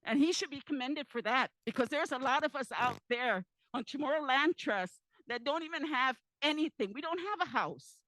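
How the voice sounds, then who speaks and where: Tearful woman, high, impassioned. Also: lively intonation, normal speed, hardly any pauses, pushed and bright, no room sound, low-quality recording. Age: 50s. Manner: impassioned, pleading, repeats herself. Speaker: community member at a public forum. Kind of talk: public comment. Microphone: handheld microphone.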